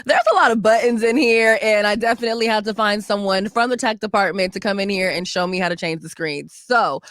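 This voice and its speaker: A woman's voice: mid-range voice, quick pace, fairly bright tone, no room sound. A woman hosting her own show from a studio, giving casual news commentary in a chatty, slangy way, with asides to the listeners. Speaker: podcast host. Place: recording studio.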